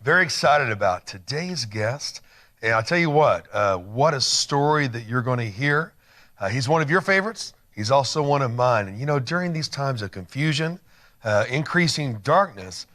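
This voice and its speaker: A man's voice: medium pitch, a bit bright. A middle-aged man hosting a television interview show, talking in an upbeat, encouraging, chatty way. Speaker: host.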